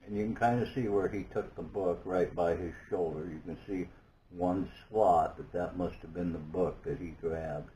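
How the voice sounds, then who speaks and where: A man giving a personal testimony, halting and earnest, searching for words with many restarts. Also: deep voice, fairly even intonation, mellow, slight background noise, rough recording. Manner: earnest and awed. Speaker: guest telling his story.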